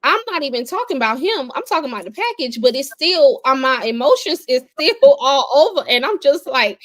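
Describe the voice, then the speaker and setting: A woman's voice: sits high, lively intonation, brisk, hardly any pauses, a bit bright, no echo. A young adult woman speaking as a podcast guest, telling her personal story in a candid, conversational way and repeating phrases for emphasis.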